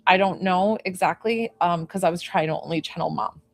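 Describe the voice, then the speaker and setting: A young woman working as a psychic medium, chatting to viewers on a live stream in a gushing, bubbly way, full of "like" and excited squeals. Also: fairly low pitch, brisk, gravelly, no room sound. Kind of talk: live-stream reading and chat.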